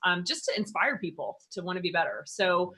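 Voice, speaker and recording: A woman hosting an interview, praising her guests effusively in a relaxed chat. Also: fairly low pitch, a little fast, husky, poor audio. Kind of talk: casual interview talk.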